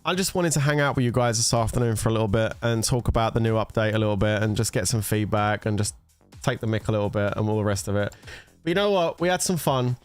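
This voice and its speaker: On a gaming livestream, a man banters casually with his viewers, teasing them and swearing now and then. He talks fast in a clean, low-pitched voice over soft background music.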